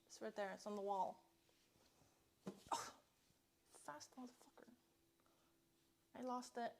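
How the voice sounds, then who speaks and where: Chatty high-voiced lady streaming from home on her phone, slow and swears a lot. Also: gravelly, slight background noise. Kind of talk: casual live-stream chat. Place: indoors at home.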